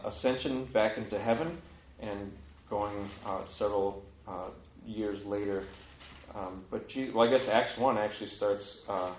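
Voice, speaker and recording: The recording is echoey and dull, with a lo-fi room sound and slight background noise. In it, a man whose voice sits on the low side preaches a casual sermon, retelling scripture conversationally and acting out quoted lines with sudden lifts.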